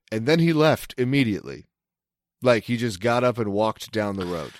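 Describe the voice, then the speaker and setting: A man's voice: medium pitch, brisk, no room sound. A man from Maryland telling a long story in casual chat, rambling, swearing a lot and breaking off his sentences. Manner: rambling, profane, self-interrupting.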